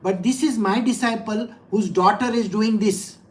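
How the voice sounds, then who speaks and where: A woman spiritual teacher with a mid-range, darkish voice gives a scripture discourse. She's direct, often asks the audience questions, and reads the verse slowly and with emphasis, though the audio is poor.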